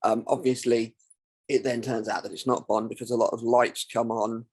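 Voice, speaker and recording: A man's voice: mid-range voice, little pitch movement, normal speed, darkish tone, husky. A man co-hosting a casual film podcast, chatty and explaining at length. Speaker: podcast co-host.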